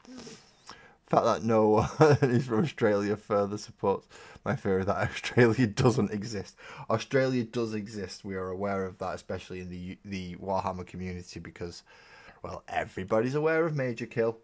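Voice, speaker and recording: A man's voice: fairly low pitch, normal speed, a little mellow. A man hosting a casual live stream while painting miniatures, rambling and joking, with casual swearing. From Britain. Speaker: streaming hobby host.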